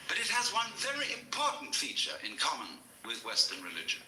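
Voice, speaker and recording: Wry lecturing man, very bright tone. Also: a little high, fairly quick. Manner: wry, lively storytelling. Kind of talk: anecdotal public lecture. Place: lecture hall before an audience. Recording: roomy lecture hall recording with faint hiss.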